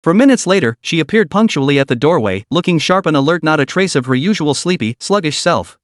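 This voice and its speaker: A man narrating a web novel in an animated way. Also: fairly high pitch, brisk, no echo, studio quality.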